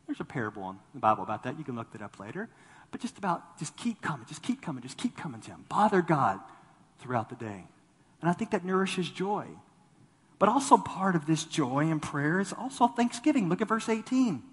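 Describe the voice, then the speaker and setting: A male pastor preaching a sermon, rising to loud bursts and dropping low, often repeating words as he starts a thought. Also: normal speed, husky, long reverb tail. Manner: animated preaching, voice swelling then dropping low.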